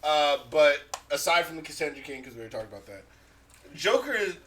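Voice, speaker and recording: A man co-hosting a podcast in casual chat, animated and joking, swearing freely. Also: on the high side, fast, far from the mic, crowd noise. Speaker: podcast co-host.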